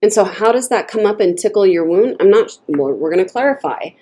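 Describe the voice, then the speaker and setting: Mellow, chatty woman reading tarot. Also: mid-range voice, expressive, a little fast. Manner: chatty and digressive, laughing often; acts out quoted speech in shifting voices. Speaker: tarot reader. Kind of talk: casual tarot reading to viewers.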